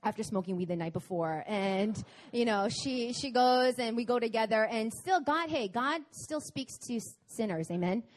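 A young woman preaching at a prayer meeting, telling a personal story in an animated, chatty way. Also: on the high side, normal speed, few pauses, slight background noise. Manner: animated, chatty storytelling with laughs and acted-out quotes. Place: church meeting hall in Korea.

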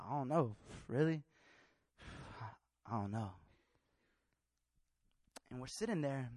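A man from California telling his conversion story as a sermon, slangy and casual at first, then rising into loud, fervent preaching. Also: on the high side, dry recording. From California, USA. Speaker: preacher giving his testimony. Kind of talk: sermon testimony.

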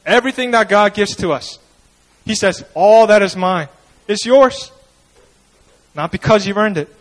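A man's voice: high voice, poor audio. A man preaching a sermon in a conversational way, often acting out the people he quotes. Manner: conversational, animated, acts out quoted voices. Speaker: pastor.

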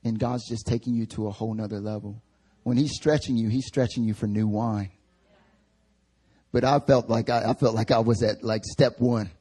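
A young male pastor preaching a sermon in a casual, slangy, animated way. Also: on the low side, moderate pace, breathy edge.

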